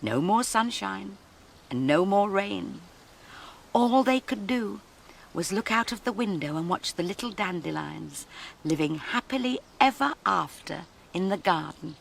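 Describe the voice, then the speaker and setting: A woman presenting a children's programme, telling a story to young children in a gentle, sing-song way. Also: medium pitch, lively intonation, a little slow, vocal fry, a little hiss or hum.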